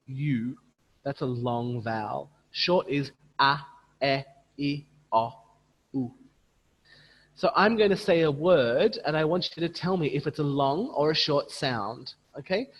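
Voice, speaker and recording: A man leading an online teacher training, patiently modelling words slowly and repeating them for his audience over a video call. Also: fairly high pitch, in a large hall, muffled recording. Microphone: computer mic on a video call.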